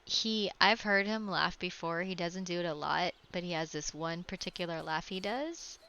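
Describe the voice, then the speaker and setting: A woman streaming a game, reading its text aloud and chatting with a giggly, animated manner. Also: fairly low pitch, normal speed, clear, resonant tone. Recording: dull lo-fi stream audio with music.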